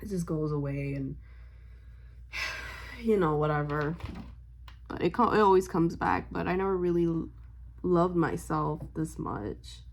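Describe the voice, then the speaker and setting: A woman's voice: on the low side, measured pace, vocal fry, long pauses. A woman in her twenties telling a personal story on her vlog, rambling and emotional, smiling as she talks with lots of fillers. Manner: rambling, heavy on fillers, loses her train of thought; emotional and upbeat, smiling while talking. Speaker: vlogger and spiritual reader. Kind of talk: casual storytime chat.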